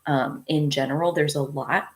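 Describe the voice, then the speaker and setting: A woman's voice: deep voice, fairly even intonation, normal speed. A woman hosting an astrology talk, chatting casually and frankly, often laughing and filling with "like" and "dude". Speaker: astrologer host.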